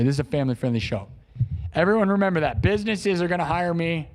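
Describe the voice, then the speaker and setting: Long reverb colors this rambling comedic livestream chat from a man hosting a live music stream. The improvising musician has a fairly high, expressive voice and speaks at a quick pace, launching playful, joking rants at his chat.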